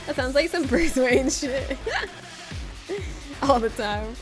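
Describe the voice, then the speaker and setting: A woman streaming a game and talking to her viewers in a playful, joking manner that often breaks into laughter. Her voice sits a little higher than most. Game music plays clearly behind her. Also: measured pace, pauses often. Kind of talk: live gameplay commentary, chatting with viewers.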